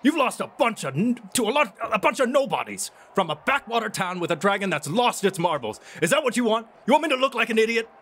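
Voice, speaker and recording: A man voicing an angry, scornful father who shouts down his grown daughter. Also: sits high, sing-song, quick pace, hardly any pauses, voice pushed up, heavily acted. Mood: furious.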